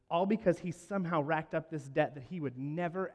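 A man's voice: on the high side, brisk, few pauses. Man preaching in a ringing hall. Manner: storytelling preacher, acts out quoted lines, swings from hushed to loud. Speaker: pastor. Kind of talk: sermon. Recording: long hall reverb.

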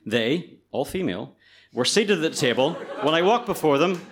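A man's voice: a little high, big pitch swings, normal speed, a crowd in the background. A man telling a funny personal story in a self-deprecating way, often laughing as he goes.

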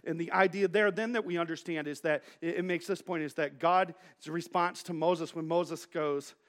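A man's voice: a little high, steady tone, moderate pace. A male pastor giving a sermon in a conversational, joking way, telling playful stories to his congregation.

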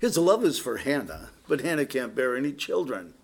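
A man's voice: mid-range voice, very animated, normal speed, vocal fry, husky. A man preaching a conversational sermon in an earnest way, speaking straight to his listeners and often restarting his sentences. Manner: earnest, with frequent restarts and direct asides to listeners.

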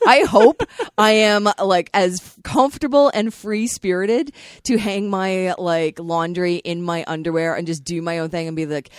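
Woman podcast host, low-ish voice, dry close sound, chatty and laughing between stories. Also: normal speed, clean tone, no echo. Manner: chatty, laughs often while telling anecdotes. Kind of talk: casual chat.

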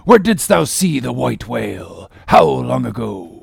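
A man voicing a gruff, obsessed old one-legged whaling captain in an audiobook reading, with exclamatory, archaic sea talk. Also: medium pitch, very animated, unhurried, no echo, studio quality, full character voice. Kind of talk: audiobook character voice.

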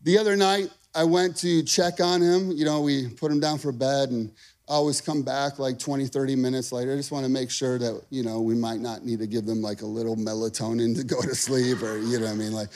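A man in his thirties, a pastor preaching a lively, conversational sermon, calling out to the congregation. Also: medium pitch, brisk. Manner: energetic, conversational preaching with call-and-response.

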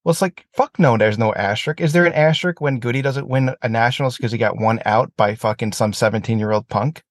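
A man's voice: medium pitch, quick pace, no room sound. A man talking casually about aerobatic flying, swearing freely and ranting when heated. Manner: profane, animated rants. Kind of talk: casual chat.

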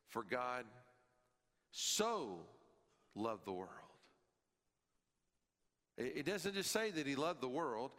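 A male pastor preaches emphatically in a large hall, his tone fairly bright. He repeats key phrases and rises in pitch and force as he drives each point home.

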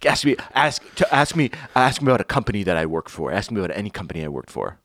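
A man co-hosting a comedy podcast, loud and blustering, swinging between yelling and mumbling. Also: lowish voice, very animated, fast talker, dry recording. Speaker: podcast co-host. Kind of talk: improvised comedy bit.

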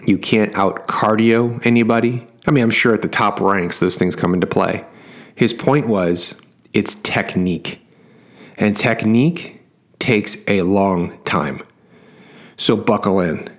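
A middle-aged man with a fairly low voice tells a personal story in a loose, conversational way. He talks emphatically and doubles up on words to drive each point home, like a coach talking to his clients. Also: takes it slowly. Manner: emphatic, repeats words for effect. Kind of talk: casual storytelling monologue.

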